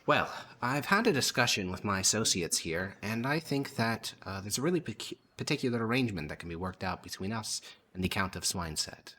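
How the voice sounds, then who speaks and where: A man's voice: fairly low pitch, animated, fairly quick, few pauses, pushed and bright, slight background noise. A man voicing a scheming baroness. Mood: smooth, scheming. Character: scheming noblewoman, smooth and persuasive.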